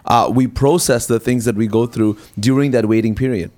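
Rambling pastor hosting a faith talk. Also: male voice, medium pitch, fairly even intonation, fairly quick, darkish tone. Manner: rambling, restarts questions, many fillers. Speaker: pastor and show host. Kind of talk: conversational interview on faith.

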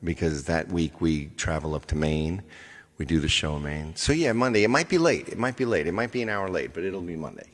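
A man's voice: low-pitched, brisk, long reverb tail. A man hosting a live stream as its singer, chatting casually with viewers, thanking them by name and thinking aloud.

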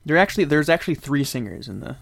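Young male podcast co-host, slightly higher pitch, animated storyteller. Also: quick pace, creaky. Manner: animated storyteller, acts out quotes loudly; says dude and man often. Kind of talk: casual chat.

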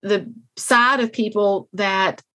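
A woman's voice: mid-range voice, takes it slowly, bright, forceful tone. A middle-aged woman with a Southern US accent, a guest on an interview show, telling blunt, folksy stories with self-deprecating humor. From American South. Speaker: guest, real estate CEO. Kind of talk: conversational interview storytelling.

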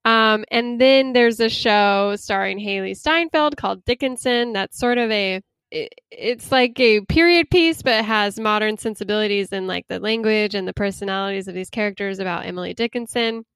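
Smooth-voiced woman chatting on a podcast. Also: mid-range voice, moderate pace, few pauses, no echo. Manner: relaxed, laughs easily. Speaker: podcast co-host. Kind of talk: casual chat.

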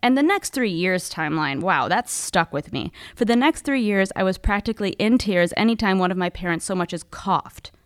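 A woman's voice: mid-range voice, animated, moderate pace, hardly any pauses, dry recording, studio quality. A woman hosting a podcast, telling a personal story in a wry, conversational way. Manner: wry, conversational, with casual fillers. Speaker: podcast host.

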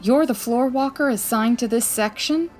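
A woman's voice: a little high, normal speed, a little mellow, faint music behind, natural voice. A woman playing a confident, breezy female private detective in 1940s radio style, arch and theatrical.

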